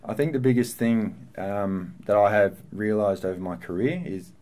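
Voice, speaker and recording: Man, 30s, pro footballer guest: lowish voice, candid, thoughtful, halting. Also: a little mellow. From Australia. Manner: earnest, reflective, with frequent fillers and restarts. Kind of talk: candid podcast interview.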